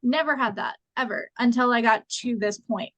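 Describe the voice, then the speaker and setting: A woman's voice: fairly high pitch, normal speed, fairly bright tone, no room sound, rough recording. A woman co-hosting a podcast, speaking earnestly and repeating phrases for emphasis. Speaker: podcast co-host. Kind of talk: casual conversation.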